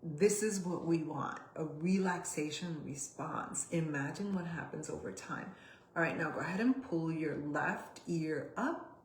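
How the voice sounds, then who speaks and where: A woman guides listeners through a slow body exercise, her voice sitting fairly low as she gives soft, measured instructions. She sighs audibly between the cues. The sound carries a roomy echo. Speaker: somatic coach.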